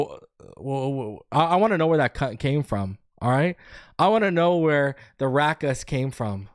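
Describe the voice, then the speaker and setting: A man hosting a sports show, chatting casually on a live stream, loose and jokey, rambling through shout-outs and a sponsor read. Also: fairly high pitch.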